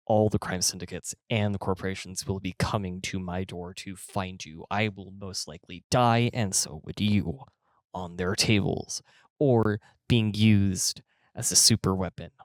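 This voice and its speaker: A man's voice: low-pitched, no room sound, clean studio sound. A man playing a shifty, persuasive pit boss. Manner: urgent, persuasive, stumbling restarts.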